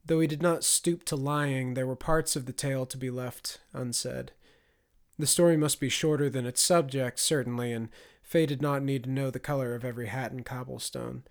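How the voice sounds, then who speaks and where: A man reads a fantasy audiobook in a mid-pitched voice, keeping a measured, dramatic storytelling pace. He leans into the tension of the scene without rushing it. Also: steady tone, vocal fry. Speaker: audiobook narrator. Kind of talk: scripted narration.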